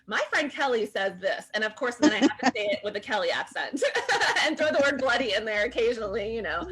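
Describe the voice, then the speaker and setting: A woman hosting a casual live stream, fairly high-pitched and full of enthusiasm. She gushes warmly about her guest and laughs easily between viewer comments. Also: breathy edge. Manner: gushing and enthusiastic, quick to laugh.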